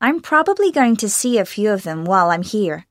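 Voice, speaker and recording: A woman's voice: medium pitch, big pitch swings, brisk, no echo, studio quality. A young American woman from Los Angeles, an actress answering interview questions in a bubbly way and laughing often. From Los Angeles, USA.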